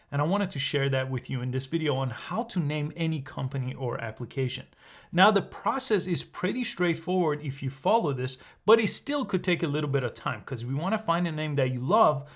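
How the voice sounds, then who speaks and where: A man's voice: on the high side, fairly bright tone. A young man hosting a tutorial channel, explaining step by step in an upbeat, conversational way and often checking in with "right?". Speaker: channel host. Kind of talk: screen-recorded tutorial.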